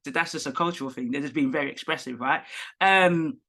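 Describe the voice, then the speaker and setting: A woman psychotherapist of Nigerian heritage, a podcast guest, talking in a lively, expressive way and explaining with examples. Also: sits low, brisk. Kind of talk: podcast interview.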